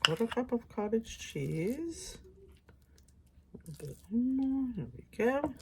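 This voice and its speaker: A woman's voice: on the high side, big pitch swings, slow pace, heavy background noise. A middle-aged woman hosting a casual cooking vlog in her home kitchen, chatty and upbeat as she talks to viewers. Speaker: cooking channel host.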